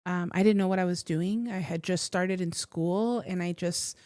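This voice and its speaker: A woman guest, a psychic and teacher, telling a personal story in a casual interview, emotional and close to tears, with halting restarts. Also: fairly low pitch, steady tone, darkish tone, dry recording.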